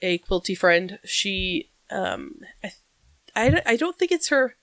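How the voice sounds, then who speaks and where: A woman co-hosting a podcast chats casually and rambles through her stories with plenty of pauses. Her voice sits at an ordinary middle pitch. The sound is dry and close on a podcast mic. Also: big pitch swings, fairly bright tone, no room sound. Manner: chatty, rambling, frequent "um" pauses. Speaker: podcast co-host. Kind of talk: casual chat.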